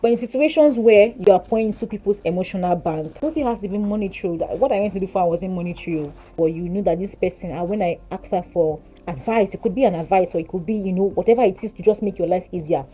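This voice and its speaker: A woman in her twenties with a Nigerian English accent, chatting while doing her makeup, animated and giggly. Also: mid-range voice, fast, hardly any pauses, slightly rough, rough recording. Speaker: beauty vlogger. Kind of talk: casual get-ready-with-me chat.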